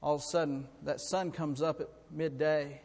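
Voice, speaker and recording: A man preaching a sermon, swinging from quiet storytelling to loud, impassioned passages and often repeating words. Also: a little high, fairly even intonation, moderate pace, creaky. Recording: long hall reverb.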